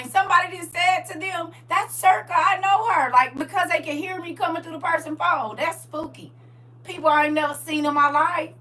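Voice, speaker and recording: A middle-aged woman hosts a casual online Bible study, chatting with her listeners as she goes. Her voice is high and raspy with a sharp edge, and she laughs often and speaks to her audience directly.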